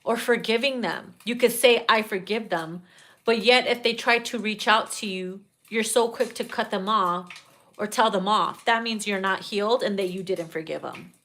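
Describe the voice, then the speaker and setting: A woman giving a casual tarot reading, blunt and profane, laughing loudly at her own jokes. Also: medium pitch, normal speed. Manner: blunt, profane and animated, breaks into loud laughter. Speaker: tarot reader.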